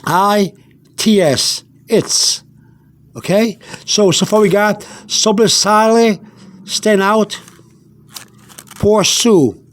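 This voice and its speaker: A man's voice: high-pitched, extremely slow, pauses often, dry recording. A man giving a casual spoken language lesson, repeating himself with many fillers and restarts. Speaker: language teacher.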